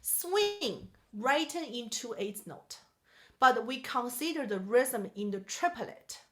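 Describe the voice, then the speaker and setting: High-voiced woman teaching piano. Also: big pitch swings, takes it slowly. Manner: patient and explanatory, counts and sings rhythms aloud. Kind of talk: one-on-one music lesson.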